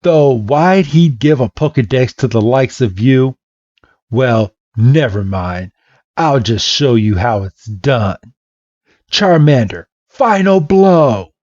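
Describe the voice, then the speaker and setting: A man's voice: medium pitch, takes it slowly, darkish tone, no echo. A man voicing a cocky, condescending boy rival in a smug, taunting manner. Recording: dull lo-fi podcast mic.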